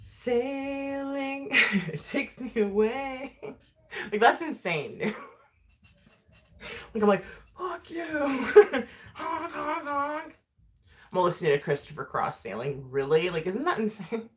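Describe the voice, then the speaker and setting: A woman vlogger chatting casually while doing her makeup, talking freely, laughing often and swearing. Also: low-pitched. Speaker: beauty vlogger.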